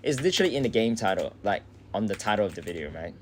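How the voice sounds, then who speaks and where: Young Aussie streamer, male, lowish voice, relaxed chatty delivery, slight background noise. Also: quick pace. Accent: Australian. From Australia. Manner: casual, chatty, loose with swearing. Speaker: game streamer. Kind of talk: casual live-stream chat.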